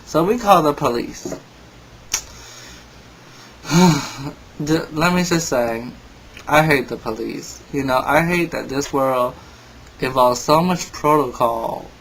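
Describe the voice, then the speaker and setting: A man's voice: medium pitch, slow pace, pauses often, a bit bright, slight background noise, low-quality recording. A young man telling a story in a casual vlog, rambling and exasperated. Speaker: vlogger.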